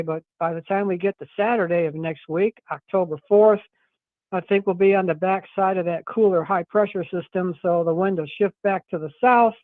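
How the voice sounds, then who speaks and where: A man with a fairly high voice calls in a relaxed, chatty weather forecast. The line is thin and phone-like, and the sound is dry and close, with no room around it. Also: no room sound. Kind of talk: radio weather report by phone.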